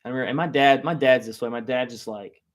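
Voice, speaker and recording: A man telling a funny personal story to a live audience, animated and self-mocking. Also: medium pitch, fast. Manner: animated, self-mocking, acts out loud quoted lines.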